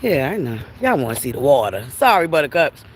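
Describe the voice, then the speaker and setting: Walking outdoors by a river, a woman livestreams in casual chat, a bit winded from the heat. She's chatty and animated, laughs often, and calls her viewers Buttercups. Her low-pitched voice is fairly quick, with slight background noise.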